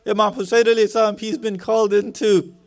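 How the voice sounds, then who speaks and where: A man's voice: high-pitched, flat delivery, quick pace. A man giving a storytelling sermon, retelling events in the present tense and putting rhetorical questions to his listeners. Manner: poses rhetorical questions to the audience. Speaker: speaker at a religious center.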